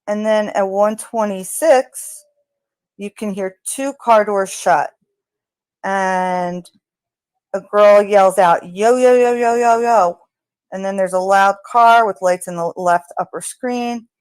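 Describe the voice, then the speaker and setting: A woman's voice: mid-range voice, takes it slowly, clear, resonant tone, dry recording. A woman narrating her analysis of crime-scene audio, speaking tentatively with fillers and speculation. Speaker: true crime commentator.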